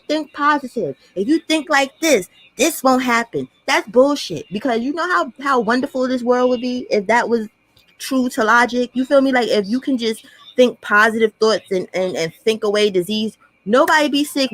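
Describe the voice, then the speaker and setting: A commentary vlogger with a fairly high, expressive, slightly bright voice rants bluntly in reaction-style commentary, swearing a lot. She talks fast, and the recording is dry and close.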